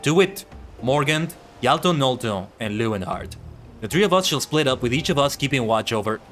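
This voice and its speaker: A man voicing a pompous, self-assured gentleman inspector with old-fashioned, theatrical phrasing, reading game dialogue aloud. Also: medium pitch, expressive, moderate pace, soft background music, close to an everyday voice.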